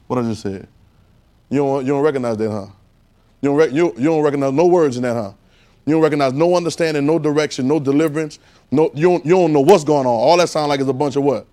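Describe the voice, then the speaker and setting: Man, preacher, conversational sermon, rhetorical questions, slightly high voice. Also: quick pace. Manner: animated, repetitive, fires rhetorical questions at the congregation.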